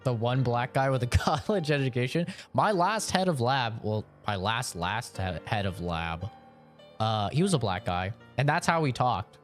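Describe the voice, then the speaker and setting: A man's voice: mid-range voice, big pitch swings, normal speed. A young man chats casually on a game stream and riffs on his viewers' requests. He is loose and jokey, laughs often and swears freely. Faint music sits under his voice. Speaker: gaming streamer. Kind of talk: casual live-stream chat, reading chat requests.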